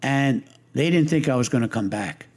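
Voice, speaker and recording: With lively intonation at a normal speed, this older man's mid-range voice comes through as he guests on an interview. A lighting designer, he rambles through casual stories with restarts, fillers, and a wise-guy sense of humor.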